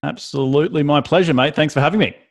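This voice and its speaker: Aussie guy in his 30s rattling off his story fast, dry close sound. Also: a little high, creaky, dry recording. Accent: Australian. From Australia. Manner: fast, chatty, frequent restarts. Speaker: guest. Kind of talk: casual interview storytelling.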